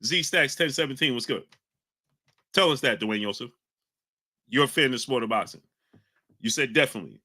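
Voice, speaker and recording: A man's voice: medium pitch, lively intonation, a little fast, pauses often. A man hosting a live stream, reading out chat names and arguing hotly with viewers. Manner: combative, shouts out chat names. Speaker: livestream host reading chat. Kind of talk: heated live-stream talk.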